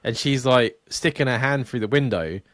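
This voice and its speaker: A man chatting casually on a podcast, retelling funny clips animatedly with plenty of swearing. His voice is mid-pitched, and the sound is close and dry. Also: normal speed, a bit bright, no room sound. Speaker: podcast co-host. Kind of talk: casual chat.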